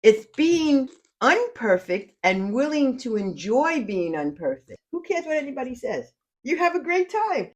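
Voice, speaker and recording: A high-pitched grandmother talks at a measured pace as a podcast guest, chatting casually at home. She comes across as a lively, boastful storyteller whose funny tales are full of laughter.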